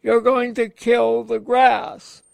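Man, high voice, very gravelly, slow rambling speech, dry sound. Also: flat delivery, no echo. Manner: slow, rambling, halting explanations. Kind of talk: casual radio chat.

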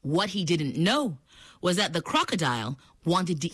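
A woman performing a folk tale out loud, playful and animated, throwing in sound effects and little asides. Her voice sits a little low but swings widely from high to low as she tells it. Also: normal speed, slightly rough. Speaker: storyteller. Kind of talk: oral storytelling performance.

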